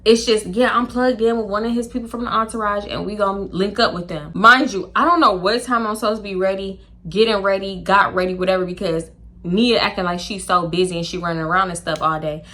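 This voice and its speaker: A young woman telling a casual storytime, chatty and animated, acting out quoted dialogue with laughs. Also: medium pitch, fairly quick. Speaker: storytime YouTuber.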